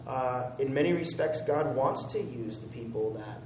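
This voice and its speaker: A man's voice: mid-range voice, moderate pace, noisy background. Pastor, male, conversational sermon delivery with light humor; room echo, distant mic. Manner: conversational, chuckles at his own jokes.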